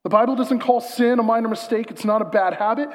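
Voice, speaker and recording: A pastor with a very high voice delivers a sermon in a big, roomy-sounding space. He's emphatic, building up to loud peaks, then slows down into a hushed, reflective reading.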